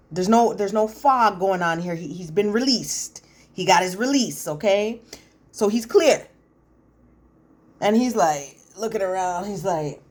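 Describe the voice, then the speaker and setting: A woman giving a casual, opinionated recap commentary on a reality show, retelling scenes in an animated way with slang asides. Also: medium pitch, unhurried.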